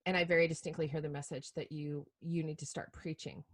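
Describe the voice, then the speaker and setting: A middle-aged woman from Utah, a preacher and podcast guest, telling candid, self-mocking stories in an animated way with frequent laughter. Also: low-pitched, fairly quick. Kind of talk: candid storytelling chat.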